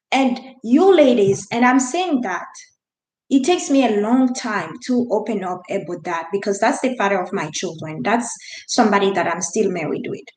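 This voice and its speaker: A woman's voice: on the high side, reverberant, poor audio. A woman from Haiti, in her thirties, telling a personal story in an earnest, emphatic way, with restarts and non-native grammar. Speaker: vlogger.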